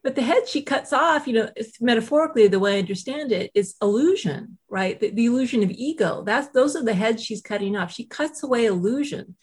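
A woman who writes and teaches self-compassion, telling a personal story in a casual interview, animated and full of "you know" asides. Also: on the high side, fairly quick, few pauses, breathy edge. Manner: animated, acts out quoted voices, frequent "you know" asides.

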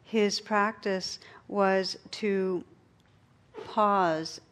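A middle-aged woman giving a meditation talk, telling stories and jokes with gentle pauses. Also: on the low side, steady tone. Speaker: meditation teacher. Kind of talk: dharma talk.

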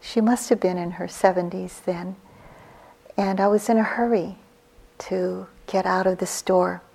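A woman in her sixties, a meditation teacher giving a gentle, reflective dharma talk on retreat, her phrases trailing off softly. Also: lowish voice, steady tone. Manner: slow, gentle, reflective storytelling with soft breathy trailing phrases.

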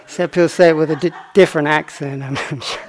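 A man giving a dharma talk on retreat as a meditation teacher, reflective and unhurried, with playful asides. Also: on the high side, fairly even intonation.

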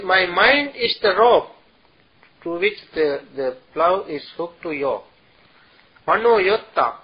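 A man, a Buddhist monk, giving a retreat dharma talk, speaking haltingly and breaking into chanted verses. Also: high voice, breathy edge, muffled recording. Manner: slow, halting delivery with chanted Pali and Sanskrit verses.

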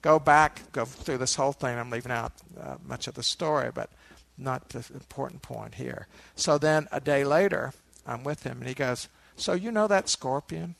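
A man giving a meditation dharma talk, a relaxed storyteller who adds asides to his listeners. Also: medium pitch, moderate pace, vocal fry, hardly any pauses, dry recording. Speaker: meditation teacher.

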